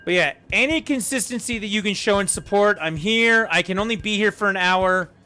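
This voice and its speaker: A man's voice: high voice, fairly quick, pushed and bright, soft background music. A young man streaming a game and chatting casually to viewers, rambling with lots of fillers. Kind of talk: casual chat while gaming.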